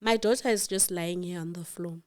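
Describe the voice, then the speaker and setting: A woman's voice: on the low side, a little fast. A South African woman telling a personal story in casual chat, acting out the voices of the people in it. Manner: animated, acts out voices of others in the story. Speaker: storyteller host.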